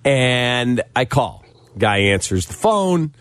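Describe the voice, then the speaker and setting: A man's voice: mid-range voice, very animated, takes it slowly, a bit bright, no room sound. A man hosting sports radio, telling a customer-service story with wry exasperation and quoting the people in it. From Chicago. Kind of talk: casual radio banter and storytelling.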